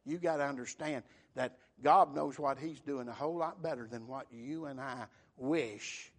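A man preaching a sermon in a folksy, repetitive way, swinging from loud emphasis to hushed tones. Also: mid-range voice, moderate pace.

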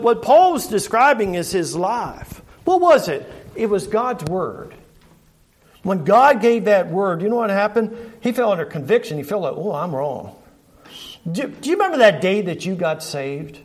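A middle-aged man delivers an earnest sermon in a notably high voice. He leans on rhetorical questions to the congregation and often circles back, repeating and restarting his phrases as he speaks. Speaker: preacher.

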